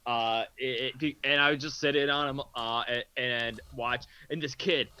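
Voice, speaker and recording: A young man co-hosting a podcast, telling stories in an animated, casual way. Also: mid-range voice, moderate pace, smooth, dry recording. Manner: animated storyteller. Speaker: podcast co-host. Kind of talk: casual chat.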